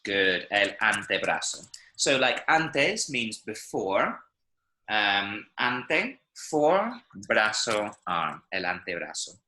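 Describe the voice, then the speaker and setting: Lively, encouraging male language teacher. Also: on the low side, slow pace. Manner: encouraging, explains with spoken examples. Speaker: Spanish teacher. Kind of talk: online language lesson. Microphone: video call. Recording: echoey room.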